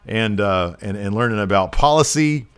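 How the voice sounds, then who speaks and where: Casting: low-voiced guy, mock announcer calling game wrestling, crude jokes. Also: moderate pace. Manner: jokey, profane, mock-announcer hype. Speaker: gameplay commentator. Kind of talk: mock wrestling play-by-play over gameplay.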